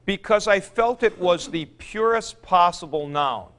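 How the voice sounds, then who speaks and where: Slow, smooth-voiced male Greek teacher. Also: high voice, expressive, fairly bright tone. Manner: patient, explanatory, demonstrative. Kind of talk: classroom lecture. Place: classroom.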